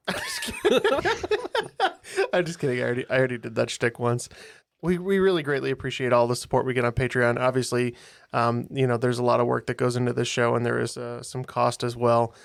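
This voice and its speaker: A man co-hosting a podcast, speaking earnestly and a little haltingly about listener support. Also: medium pitch, little pitch movement, creaky, no room sound. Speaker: podcast co-host. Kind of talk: casual podcast chat.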